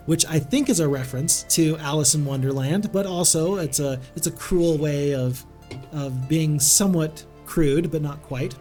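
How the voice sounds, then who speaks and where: A man's voice: a little high, normal speed, warm tone, faint music behind. Upbeat game streamer, a man thinking aloud. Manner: upbeat, thinks aloud while greeting chat. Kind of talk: live-streamed gameplay commentary.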